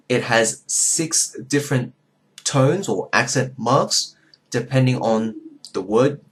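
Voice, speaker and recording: Guy teaching a beginner language lesson on video, mid pitch, chatty, lots of "you know", voice jumps up and down to show tones. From southern Vietnam.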